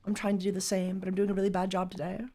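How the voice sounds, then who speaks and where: A woman streamer chatting casually while she plays a game, joking and swearing, and now and then bursting into loud mock rants. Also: medium pitch, monotone, racing, a little hiss or hum.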